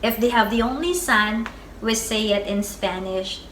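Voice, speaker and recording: A woman teaching a beginner Spanish vocabulary lesson, saying each word twice in a slow, deliberate way. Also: mid-range voice, fairly bright tone. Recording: echoey room with faint background noise.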